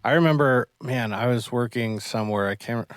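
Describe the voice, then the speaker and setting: A martial arts instructor hosting a casual podcast, telling animated stories and acting out the people in them. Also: male voice, mid-range voice, fairly quick, dry recording. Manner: animated storyteller who acts out the people in his stories.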